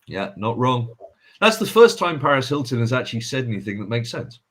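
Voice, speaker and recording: A man's voice: medium pitch, big pitch swings, fairly quick, fairly bright tone. A man who is a guest on a casual chat, blunt and sardonic, and he swears freely.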